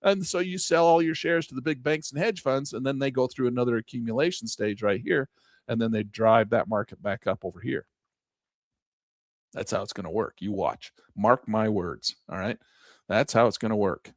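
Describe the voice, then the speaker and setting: A man's voice: medium pitch, moderate pace, dry recording, clean studio sound. Folksy man teaching chart trading. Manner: emphatic, folksy, chanting repeated words. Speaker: trading instructor. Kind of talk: casual chart walkthrough lesson.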